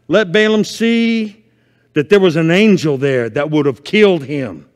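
A man preaching a fervent sermon as pastor, swinging from hushed asides to loud calls. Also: fairly high pitch, a little slow, big-room sound. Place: church sanctuary.

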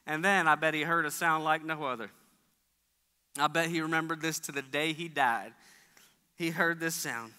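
A man's voice: steady tone, brisk, pushed and bright, clear, resonant tone. A man preaching a sermon as pastor, telling stories and acting out the voices in them. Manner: storytelling, acts out voices with big pitch jumps. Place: church sanctuary. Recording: long church hall reverb.

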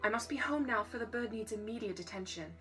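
A woman reading aloud and voicing a gentle, hopeful young servant girl in an earnest, eager tone. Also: fairly high pitch, lively intonation, fast talker, distant mic, faint music behind.

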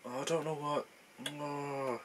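A man's voice: on the high side, fairly even intonation, unhurried, fairly bright tone, slight background noise. Young guy muttering through a guessing game, rambly, laughs at himself. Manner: thinks aloud, rambling, self-mocking. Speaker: gaming channel host. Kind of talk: casual gameplay commentary.

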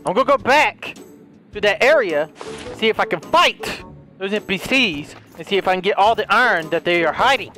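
A young man with a high, bright voice commentates his own gameplay. His delivery swings widely up and down, excitable and playful, with casual swearing. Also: normal speed, faint music behind. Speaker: gaming YouTuber.

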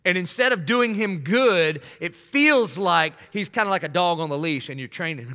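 A man preaching a sermon as pastor, humorous and lively, acting out little dialogues. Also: sits high. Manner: humorous, acts out little dialogues in quick voices. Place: large church auditorium. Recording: long reverb of a large church hall.

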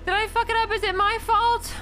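A woman's voice: very high-pitched, little pitch movement, fairly quick, bright, forceful tone, faint music behind. A young woman streaming a video game, reacting emotionally and thinking aloud as she plays. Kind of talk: live gameplay commentary.

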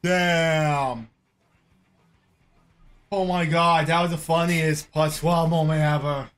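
High-voiced, excitable man reacting. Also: slow pace, soft background music. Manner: loud, swearing, exclamatory. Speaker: reaction video host.

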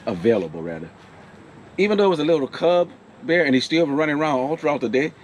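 A man, excitedly telling a camping story outdoors in a casual vlog. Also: on the high side, fast talker, a little hiss or hum. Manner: excited, animated retelling with frequent laughs. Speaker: vlogger. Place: outdoor campsite.

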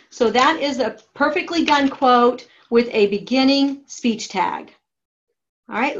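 A woman writing teacher giving a classroom grammar lesson, dictating each step slowly and deliberately. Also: fairly high pitch, lo-fi sound. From United States. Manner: slow, deliberate dictation of steps.

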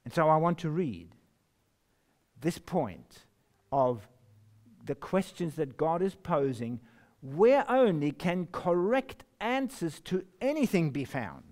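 A man preaching in a slow, deliberate way. His voice sits a little high and swings widely in pitch. He reads scripture with strong, emphatic stresses. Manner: slow, emphatic preaching with lively rises and drops. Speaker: pastor. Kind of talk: sermon.

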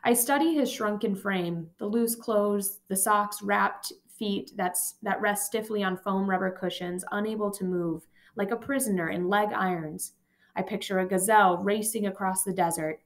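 Female narrator for a memoir audiobook, calm and measured. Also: medium pitch. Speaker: audiobook reader. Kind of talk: amateur audiobook reading.

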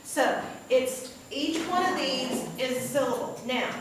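A woman's voice: sits high, unhurried, noisy background. A woman teacher giving a classroom lecture, patient, repeating words and checking in with "okay?". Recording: echoey classroom from far off.

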